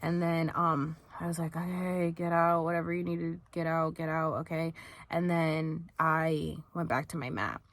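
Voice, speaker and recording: Here a vlogger talks into her own camera mic, relating something that happened to her in a low, flat voice at a moderate pace. Her telling is casual and rambling, full of fillers like "um" and "like," and she performs the quotes of others.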